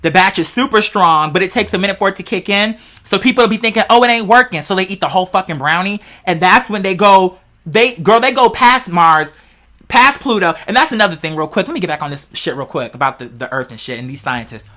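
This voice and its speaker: Bright-voiced, profane, rambling stoned vlogger. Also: mid-range voice, animated, quick pace. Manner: rambling, playful, heavily profane, talks straight to viewers. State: high on cannabis. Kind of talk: casual rambling vlog monologue.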